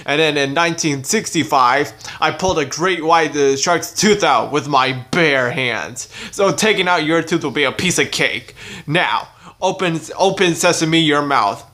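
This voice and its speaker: A man's voice: a little high, a little slow, sharp tone. A man voicing a rowdy, hard-drinking old cowboy toy in a puppet show, with a stammering drawl. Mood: boastful. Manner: drawling, stammers "ch-ch-chewy boy".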